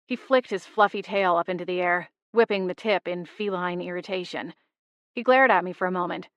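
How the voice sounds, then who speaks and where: A woman's voice: on the low side, fairly bright tone, no echo. A woman narrating a humorous cozy mystery audiobook in first person, with a wry, lightly humorous delivery.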